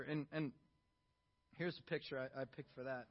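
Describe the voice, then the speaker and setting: A middle-aged pastor's high voice carries a gravelly, breathy edge as he preaches at a moderate pace in a relaxed, conversational style. He often quizzes the congregation and shifts between quiet asides and spirited bursts, with slightly dull, lo-fi audio.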